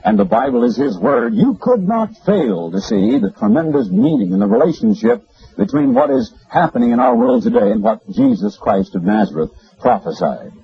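A man preaching a radio sermon in an animated, folksy and emphatic way, with a gravelly voice. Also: high-pitched, moderate pace. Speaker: radio Bible broadcaster. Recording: lo-fi radio broadcast.

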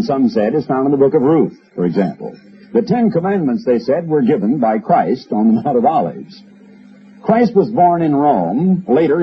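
A man's voice: mid-range voice, slight background noise. A man giving a broadcast sermon on the radio, emphatic and wry, spinning stories and asides. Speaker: radio preacher. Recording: dull lo-fi radio recording.

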